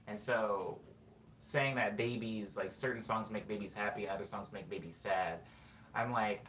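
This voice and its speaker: Guy rambling on his show, kinda low voice, echoey room w faint background hum. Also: steady tone, moderate pace, a bit bright. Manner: rambling, filler-heavy, self-correcting. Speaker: podcast host. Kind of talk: casual monologue.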